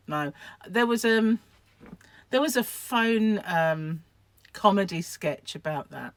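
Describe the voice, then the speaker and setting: A woman's voice: medium pitch, slow, long pauses, no echo. An older woman from England chatting to camera in a rambling, self-deprecating way, laughing often. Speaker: vlogger, craft shop owner. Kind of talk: casual chat to camera.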